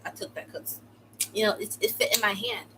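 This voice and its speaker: A bright-voiced young woman from the United States tells a storytime in loose, slangy talk. She often jumps into loud, high exclamations. Her voice is faintly noisy. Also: fairly even intonation, brisk. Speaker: vlogger. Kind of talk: casual storytime.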